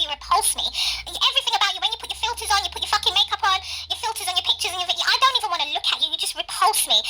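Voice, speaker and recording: A woman's voice: extremely high pitch, noisy background. A young woman rants to camera as a vlogger, mocking and swearing heavily while laughing through her words. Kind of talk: angry rant to camera.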